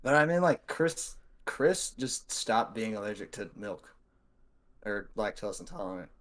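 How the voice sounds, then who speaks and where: A man's voice: fairly low pitch, expressive, unhurried. A man hosting a podcast, chatting casually with an offhand, teasing manner. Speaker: podcast host. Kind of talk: casual chat.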